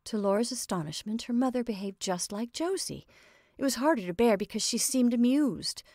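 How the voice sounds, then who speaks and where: A woman giving a measured, expressive reading of a literary short story as narrator. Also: a little high, no echo, studio quality.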